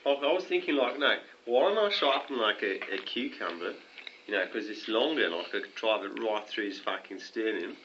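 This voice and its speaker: A man's voice: lowish voice, lively intonation, brisk, lo-fi sound, noisy background. A man telling a crude, rambling story in an improvised comedy skit, full of slang, recorded on a home video camera.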